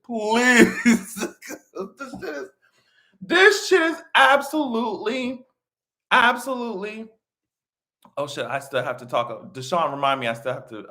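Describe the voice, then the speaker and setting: A live-stream commentator talking casually, swearing freely and laughing often. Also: medium pitch. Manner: profane, animated, laughs often.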